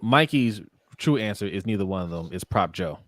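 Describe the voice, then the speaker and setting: A man's voice: low-pitched, lively intonation, a little fast, a crowd in the background. A man on a casual podcast, talking things through and checking for agreement as he goes. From Baltimore. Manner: conversational, seeks agreement with "right?". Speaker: podcast co-host.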